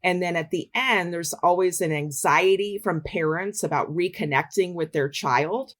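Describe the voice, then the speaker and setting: A middle-aged woman, a dance adjudicator and studio owner, giving measured advice as a podcast guest. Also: lowish voice. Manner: measured, advisory.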